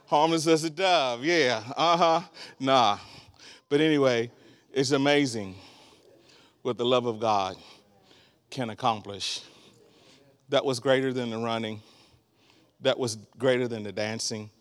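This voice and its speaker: A man in his sixties preaching a sermon as a guest, animated, breaking into laughter and shouts. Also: mid-range voice, measured pace, pauses often, clean tone.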